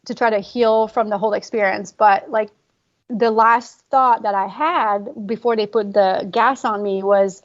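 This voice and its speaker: A woman guest on a podcast, a fitness coach, telling a personal story in a fast, emotional way with many fillers. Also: medium pitch, fairly even intonation, dull audio. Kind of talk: conversational podcast interview.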